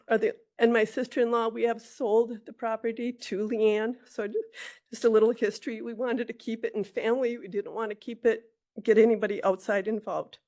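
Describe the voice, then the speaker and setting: A woman with a slightly high voice reads a prepared statement at a county meeting. She is emotional and near tears, and she stumbles and restarts her phrases as she goes. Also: a little mellow. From Wisconsin. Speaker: public commenter at county meeting. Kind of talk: public comment reading.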